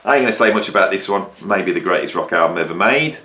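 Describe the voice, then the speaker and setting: In a casual home vlog, a middle-aged man who makes music videos on YouTube talks excitedly and playfully about his vinyl collection. He speaks fast and expressively in a low, pushed, bright voice, with a roomy echo around him.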